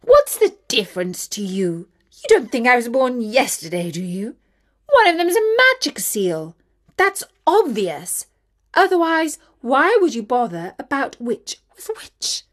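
A woman voicing a wicked, scheming queen in a storybook reading, shrill and accusing. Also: wildly swooping pitch, a little slow. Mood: scornful.

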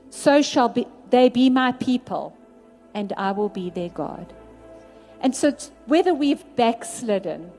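A woman preaching a sermon in an earnest way, slowing down to stress key words. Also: fairly high pitch, mellow. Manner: earnest, slows down for emphasis.

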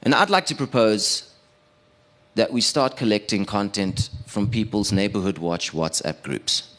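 A man performing a stand-up comedy set as a radio producer, animated, with stumbling restarts. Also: on the low side, a little slow.

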